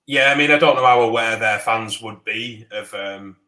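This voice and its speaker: Bright-toned man in an echoey room. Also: on the low side, normal speed. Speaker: podcast co-host. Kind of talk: casual football chat.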